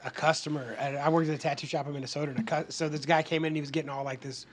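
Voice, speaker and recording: A man telling a story in a casual podcast chat, animated and swearing freely as he acts out what people said. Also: on the high side, racing, slight background noise.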